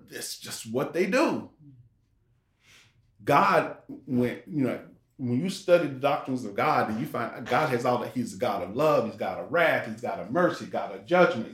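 A man giving an informal sermon, talking through scripture in a rambling, conversational way with rhetorical questions. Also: medium pitch. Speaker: preacher. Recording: roomy echo.

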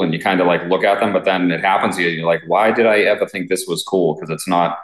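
Podcast guest, male, very deep voice, halting and blunt; echoey garage sound. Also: steady tone. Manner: halting, many fillers, blunt swearing. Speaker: guest, police K9 officer. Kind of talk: casual interview conversation. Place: home garage gym.

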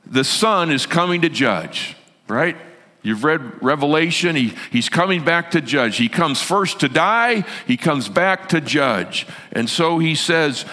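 A male pastor preaching a sermon in an animated way, swinging from loud to hushed, heard in a reverberant church hall. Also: mid-range voice.

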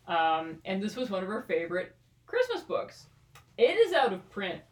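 A woman's voice: mid-range voice, wildly swooping pitch, normal speed, far from the mic. Woman podcast co-host, jokey and playful; echoey room, sits back from the mic. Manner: playful, jokey, laughs often. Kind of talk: casual chat.

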